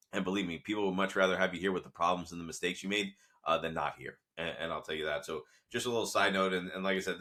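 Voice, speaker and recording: A man's voice: low voice, bright, forceful tone. A man hosting a podcast, retelling scenes from a TV series in a loose conversational way full of asides. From Italian-American. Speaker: podcast host recapping a TV series. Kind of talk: casual episode recap talk.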